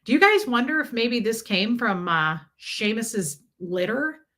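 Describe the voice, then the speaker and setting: A woman's voice: on the high side, sing-song, measured pace, a bit bright. A middle-aged woman hosting a casual livestream, chatting and reading out viewer messages. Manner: chatty, reads out chat messages, coos at a kitten. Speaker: livestream host.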